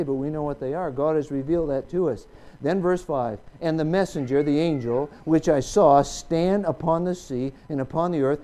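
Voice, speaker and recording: A man preaching a sermon in a high voice with a soft, mellow tone. He walks the congregation through Bible verses, asks them questions and climbs to loud, emphatic peaks.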